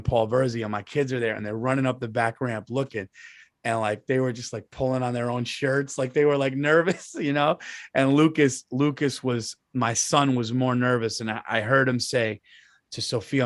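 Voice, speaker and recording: A man co-hosting a comedy podcast, telling stories in casual chat, acting out other people's lines in a higher voice and swearing freely. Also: no echo, clean studio sound. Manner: animated storyteller who acts out quoted voices in a raised pitch.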